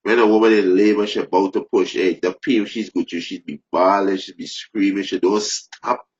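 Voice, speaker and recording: A man preaching fervently, repeating phrases, restarting sentences and rising into loud emphasis. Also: low voice, fairly even intonation, normal speed. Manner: repetitive, stumbling restarts, rising to shouted emphasis. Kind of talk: impassioned preaching. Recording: dull lo-fi recording.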